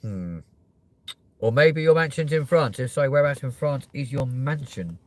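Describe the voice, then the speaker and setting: A man's voice: medium pitch, expressive, moderate pace, no room sound. A young man hosting a live stream, chatting casually and joking with viewers, with plenty of swearing. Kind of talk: rambling live-stream chat.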